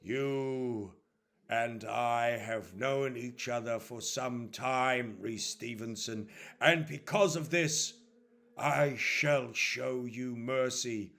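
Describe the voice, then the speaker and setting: A man voicing a stern, solemn older male churchman who speaks slowly and formally. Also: medium pitch, fairly even intonation, creaky, a bit bright, full character voice. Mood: judging. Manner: slow, grave, formal pronouncements.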